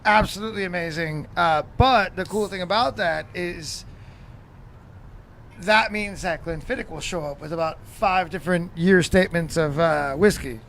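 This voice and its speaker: Enthusiastic high-voiced man chatting. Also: normal speed, fairly bright tone, a little hiss or hum. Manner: enthusiastic and jokey. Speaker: podcast guest. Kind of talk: casual chat.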